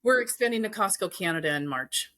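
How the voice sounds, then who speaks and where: A woman's voice: medium pitch, expressive, fairly quick, fairly bright tone. A woman in her forties, a business owner, telling a story in a casual interview, earnest and full of faith, with plenty of fillers. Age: 40s. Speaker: entrepreneur guest.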